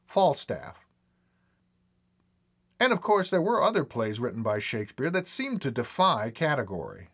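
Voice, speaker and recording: A man giving a scripted lecture narration with measured, explanatory delivery and emphatic lists. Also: medium pitch, fairly bright tone.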